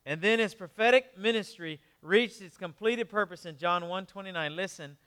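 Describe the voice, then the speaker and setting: In a smooth voice, a male pastor preaches conversationally, adding quick asides while drifting between quiet, low parts and emphatic stretches.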